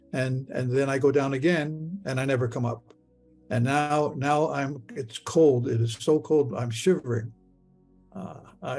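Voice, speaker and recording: A man retelling a personal experience in the first person and the present tense, halting and stammering as he repeats his words. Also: medium pitch, vocal fry, darkish tone. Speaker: near-death experience witness.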